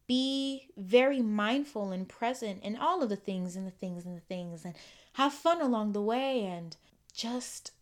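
Young woman, solo podcast host, earnest and affirming, loops phrases, drifts quiet. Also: mid-range voice. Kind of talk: reflective solo podcast monologue.

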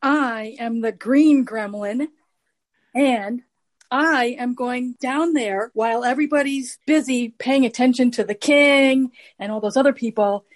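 A spiteful green gremlin, played by a woman announces his pranks boldly and teasingly. The voice sits a little high. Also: unhurried, close to an everyday voice. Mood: mischievous. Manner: bold, teasing declarations.

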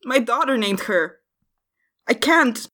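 A woman's voice: a little high, expressive, takes it slowly, sharp tone, heavily acted. A woman playing an angry grieving farmer man. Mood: distraught. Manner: accusing, stammering when upset. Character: angry grieving male farmer who lost his goat.

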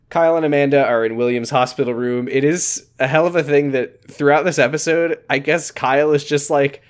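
A man's voice: mid-range voice, normal speed. A man co-hosting a podcast in casual chat, joking and laughing easily as he retells scenes from a TV episode. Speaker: podcast co-host.

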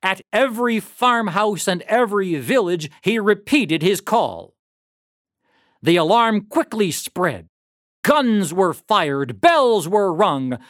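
A narrator reading a historical story aloud in a dramatic, animated read-aloud manner. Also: mid-range voice, no room sound, clean studio sound.

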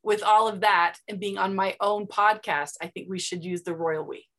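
A woman's voice: mid-range voice, steady tone, moderate pace, a bit bright. A woman hosting her own podcast, chatting playfully and joking about herself. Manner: playful, self-deprecating. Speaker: podcast host. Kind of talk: casual podcast chat.

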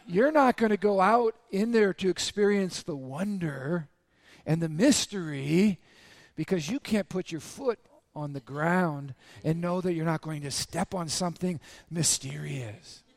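Male pastor with a high voice and a slightly raspy throat, lively sermon full of crowd questions, dry close sound. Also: a little slow, no echo. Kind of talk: sermon to a congregation.

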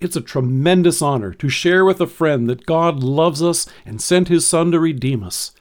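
Male devotion reader, earnest and measured, voice a touch high. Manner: measured, earnest reading of scripture. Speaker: devotion speaker. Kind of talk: scripted devotional reading.

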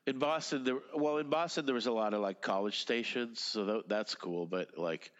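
A man's voice: on the low side, normal speed, big-room sound, dull audio. A man in his fifties, a native Russian speaker, rambling casually as an interview guest, with lots of fillers, restarts and swearing. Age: 50s. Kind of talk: casual conversation.

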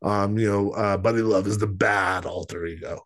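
A man's voice: lowish voice, normal speed, no echo, studio quality. Chatty man rambling with fillers. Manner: rambling, many "like" fillers, animated retelling. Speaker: podcast co-host. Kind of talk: casual chat.

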